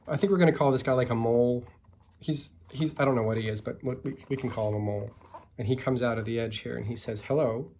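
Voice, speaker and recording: A man, a picture book author, reading his story aloud and chatting about it in a relaxed, self-deprecating way. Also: medium pitch, fast talker, slight background noise.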